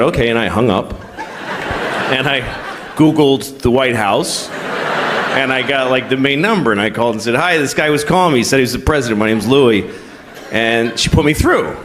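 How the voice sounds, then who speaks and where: A man's voice: medium pitch, big pitch swings, normal speed, long pauses. A man in his forties doing a stand-up set on a large theater stage, telling stories in a sardonic way that rises to incredulous outbursts. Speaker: stand-up comedian. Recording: live stage recording, roomy and noisy.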